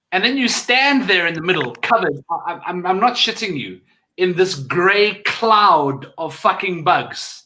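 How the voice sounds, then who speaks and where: A man co-hosting a quiz, telling an animated story with casual swearing. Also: high voice. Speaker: guest co-host. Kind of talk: casual chat.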